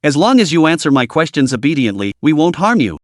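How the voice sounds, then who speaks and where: A man voicing a commanding male leader who interrogates with quiet menace. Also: a little high, sing-song, quick pace, no echo, studio quality. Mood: menacing.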